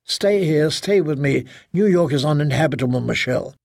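A man voicing a gentle, worried middle-aged father in an audiobook, speaking softly and tenderly. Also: a little high, animated, normal speed, vocal fry, dry recording, clean studio sound. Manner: soft, tender. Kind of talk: audiobook character voice.

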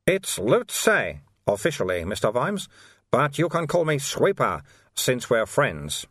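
A man voicing a calm, dryly amused and friendly older man in an audiobook. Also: medium pitch, slow pace, no room sound, studio quality, full character voice. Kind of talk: audiobook character voice.

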